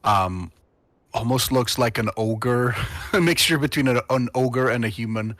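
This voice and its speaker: A man's voice: medium pitch, unhurried, a bit bright. A man narrating as game master of a tabletop game, rambling with many fillers.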